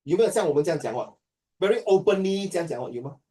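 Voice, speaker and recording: A man's voice: a little high, lively intonation, rapid-fire, mellow, recorded from a distance. A man from Singapore with a Singaporean accent, teaching a class in a joking way and mixing English with Chinese.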